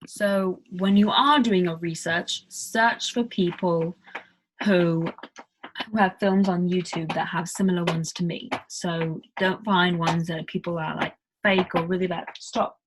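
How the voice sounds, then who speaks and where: A woman's voice: on the low side, fairly even intonation, unhurried, a little hiss or hum. A woman from the United States hosting a casual tutorial video, chatty and rambling, with lots of fillers. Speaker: video host teaching accents.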